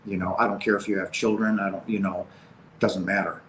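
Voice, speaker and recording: Earnest, halting man recounting an ordeal. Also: sits low, little pitch movement, fairly bright tone, a little hiss or hum, poor audio. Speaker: interview guest. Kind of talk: personal testimony in an interview.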